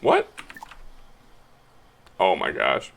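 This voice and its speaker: A man's voice: sits low, wildly swooping pitch, very slow, creaky, husky. A man chatting casually as he plays a video game, joking around and reading its lines aloud. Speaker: gameplay commentator. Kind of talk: let's play commentary.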